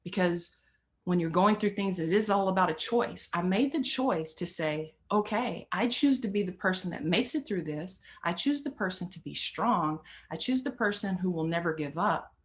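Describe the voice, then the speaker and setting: On stage, an earnest middle-aged woman tells stories as a motivational speaker, driving her points home through repeated, emphatic phrases. Her voice is slightly low for a woman.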